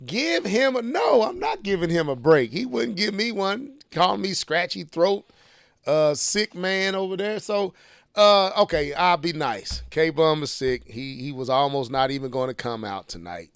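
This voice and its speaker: A man's voice: on the high side, expressive, a little slow, vocal fry, a bit bright, no room sound, studio quality. A man hosting a gaming podcast, playful and teasing as he banters with his co-hosts. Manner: playful, teasing, hypes the segment. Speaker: podcast host. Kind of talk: casual gaming chat.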